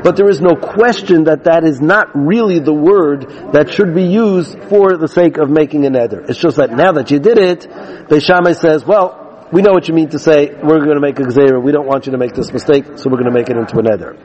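A man's voice: on the high side, a little fast, darkish tone, dull audio. A man teaching a Talmud class, reading out Aramaic lines and then explaining them in English.

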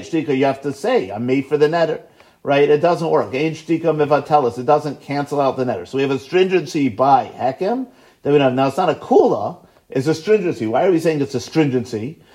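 Man teaching Talmud, sing-song and lively. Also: on the high side. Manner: explains step by step, checks in with "right?" and "okay?"; chants Aramaic phrases slowly, then explains in quick English. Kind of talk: Talmud study lecture.

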